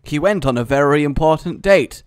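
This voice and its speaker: Excitable man with a lively voice. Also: fairly high pitch, fairly quick, clean tone, no room sound, studio quality. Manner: excitable, jokey, bursts into laughter and shouts. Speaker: gaming channel host. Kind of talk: casual gameplay commentary.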